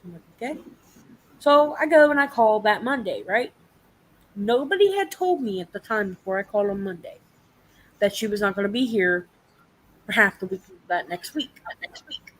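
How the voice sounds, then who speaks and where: A woman's voice: medium pitch, normal speed, long pauses, rough recording. Young woman ranting in a casual live chat, swears a lot, acts out every quote. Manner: profane, animated storytelling.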